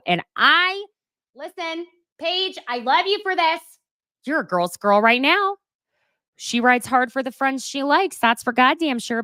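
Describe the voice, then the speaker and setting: Animated, sarcastic woman host. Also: medium pitch, no room sound, studio quality. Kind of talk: casual reality TV recap.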